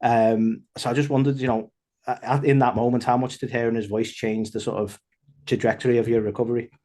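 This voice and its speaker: A man hosting a wrestling interview show, asking long, halting questions with many pauses and restarts. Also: medium pitch, little pitch movement, mellow.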